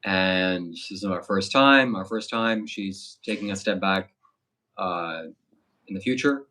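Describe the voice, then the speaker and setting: A man who hosts spiritual retreats, speaking calmly and earnestly with hesitant fillers. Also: low-pitched, takes it slowly. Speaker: spiritual streamer and retreat host. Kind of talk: casual chat.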